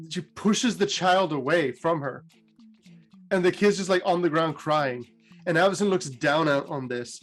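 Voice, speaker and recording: Chatty man retelling game lore. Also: moderate pace. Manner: chatty, many fillers, animated pitch jumps. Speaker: lore storyteller.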